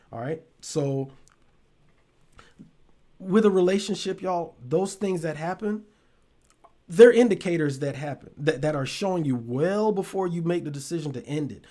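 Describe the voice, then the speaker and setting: A man's voice: on the high side, mellow. A man hosting a casual live-stream talk show, loose and profane with laughing asides.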